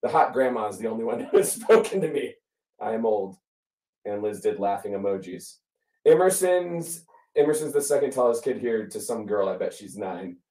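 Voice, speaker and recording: A man co-hosting a casual chat, telling a story in a wry, deadpan way with frequent laughs. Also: lowish voice, fairly quick, far from the mic. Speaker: podcast co-host. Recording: echoey room, voice off-mic.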